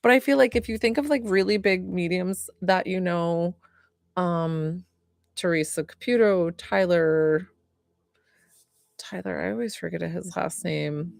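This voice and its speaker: A woman's voice: on the low side, measured pace, creaky, dry recording, studio quality. A young woman from upstate New York, a medium chatting casually on a live stream, rambling and answering viewer comments.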